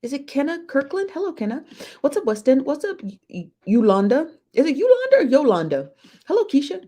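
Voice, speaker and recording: A woman's voice: high-pitched, wildly swooping pitch, a little fast, mellow. Chatty woman hosting a livestream. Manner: chatty, greets viewers by name, laughs often. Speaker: livestream host. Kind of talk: casual livestream commentary. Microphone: phone.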